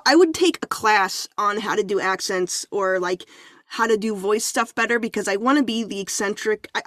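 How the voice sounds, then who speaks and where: Woman, 30s, podcast guest; chatty and self-deprecating, mid pitch, dead-dry recording. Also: no echo. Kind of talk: casual chat.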